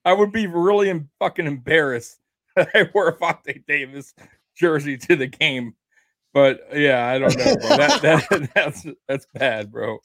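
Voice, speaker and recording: Laughing high-voiced man in banter. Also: very animated, unhurried, a bit bright, no room sound. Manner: laughs often, jokey banter. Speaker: podcast co-host. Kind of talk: casual sports chat.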